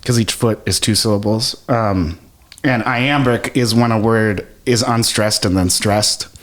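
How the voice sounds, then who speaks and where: A man with a fairly low voice chats as a guest on a casual podcast. He is a Shakespearean actor and explains things at length, stopping and restarting and filling gaps with ums and likes. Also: a little slow, fairly bright tone.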